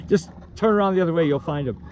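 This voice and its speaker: Chatty fishing guide guy on a boat, voice swings up and down a lot, loud boat and wind noise behind. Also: sits high. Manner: chatty, joking, frequent laughs and restarts. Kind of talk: casual fishing vlog chat. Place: outdoors on a boat on a lake.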